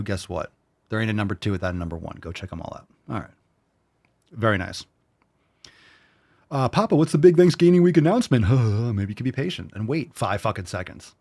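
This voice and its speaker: Brash, profane male fitness host. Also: on the low side. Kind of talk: casual livestream chat.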